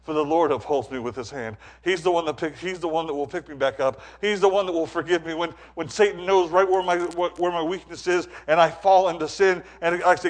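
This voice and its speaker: A man preaching a sermon, animated, swinging between quiet stretches and loud, emphatic builds, often repeating words as he presses a point. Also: on the high side, a little fast, few pauses.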